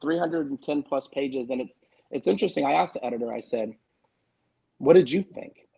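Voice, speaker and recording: A man's voice: mid-range voice, fast talker, creaky, a little mellow, husky, rough recording. A man in his forties talking candidly and emphatically in a casual panel chat, swearing freely as a guest author. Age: 40s.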